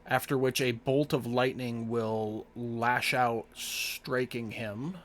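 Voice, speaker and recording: Slow, measured man running a tabletop game. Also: medium pitch, fairly even intonation, a bit bright. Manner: slow, measured narration of combat results. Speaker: game master.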